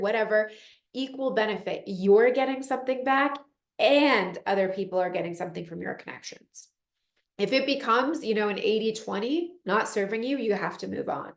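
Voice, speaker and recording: A woman teaching a group call in a casual, animated way, acting out inner voices and saying "like" often. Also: on the high side, echoey room. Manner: animated, acts out inner voices, frequent "like" fillers.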